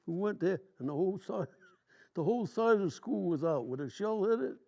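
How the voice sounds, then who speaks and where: Old man, nineties, veteran, high voice, gravelly, rambling storyteller. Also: lively intonation, fairly quick, darkish tone, lo-fi sound. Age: 90s. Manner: plain, rambling storyteller with colloquial grammar. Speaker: WWII veteran interviewee. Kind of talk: telling war stories in an interview.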